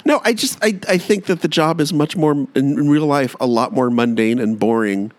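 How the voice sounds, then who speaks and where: A man co-hosting a podcast in casual chat, joking in a dry, deadpan way. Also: a little high, normal speed. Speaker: podcast co-host.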